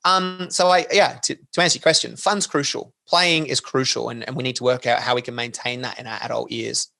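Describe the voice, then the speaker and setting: A man's voice: mid-range voice, steady tone, a little fast, creaky, bright, forceful tone. Australian male guest, casual chat, enthusiastic, repeats words as he starts. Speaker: podcast guest.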